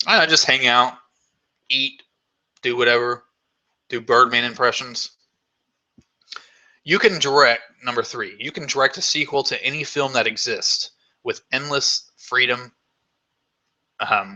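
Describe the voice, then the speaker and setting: A man's voice: medium pitch, bright, forceful tone, highs cut off. A man vlogger hosting a live Q&A, chatting casually in a rambling, enthusiastic way with lots of fillers.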